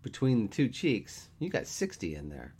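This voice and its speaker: A man voicing a wry, deadpan man in his thirties who teases his friend in a storybook reading. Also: mid-range voice, moderate pace, husky, voice pushed up, heavily acted. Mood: deadpan, exasperated. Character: dry, teasing man past thirty, a friend.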